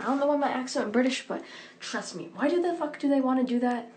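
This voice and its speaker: A woman's voice: high voice, lively intonation, fast, a little mellow, a little hiss or hum. A young woman giving an earnest, rambling, impassioned monologue into her phone, swearing often. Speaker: social media poster.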